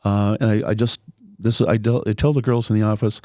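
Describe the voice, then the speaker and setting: Middle-aged man, dry raspy voice, loose rambling chat, low pitch, dark tone. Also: fairly even intonation, a little fast, dry recording. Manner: easygoing, joking, talks in loose rambling phrases. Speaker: city councillor and podcast guest. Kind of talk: casual podcast interview.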